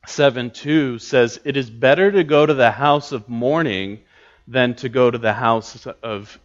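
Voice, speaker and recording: A man's voice: mid-range voice, a bit bright. Guy teaching a bible class, lots of ums and restarts, muffled lo-fi sound. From United States. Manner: thoughtful, halting, many filler words and restarts. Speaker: pastor teaching a church class. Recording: dull lo-fi recording.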